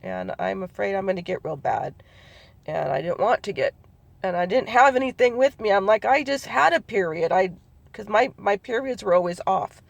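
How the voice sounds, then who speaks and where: A woman's voice: medium pitch, normal speed, creaky, no room sound. A middle-aged woman telling a personal family memory, hesitant and rambling with many ums and restarts, acting out what relatives said. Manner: acts out quoted relatives in her telling. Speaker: family storyteller. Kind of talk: personal recollection.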